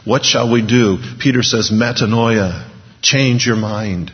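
A man preaching a sermon as pastor, with earnest delivery that swings between hushed and emphatic. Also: fairly low pitch, takes it slowly, big-room sound, dull audio.

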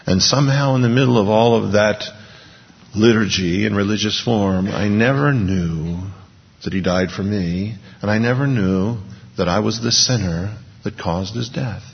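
A man preaches in a low, gravelly voice, his earnest sermon moving between hushed passages and emphatic ones. The recording is dull and lo-fi, and the words ring out with a long reverb. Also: moderate pace. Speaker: pastor.

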